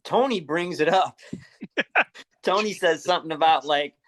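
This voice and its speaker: A man's voice: a little high, animated, measured pace, fairly bright tone. A man in his forties from the Chicago area, telling profane, laugh-filled stories as a guest in a casual interview. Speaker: wrestler guest.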